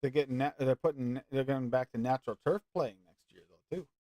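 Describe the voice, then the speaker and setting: A man joining a casual live chat who keeps throwing in quick jokes. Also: mid-range voice, mellow, no room sound, studio quality.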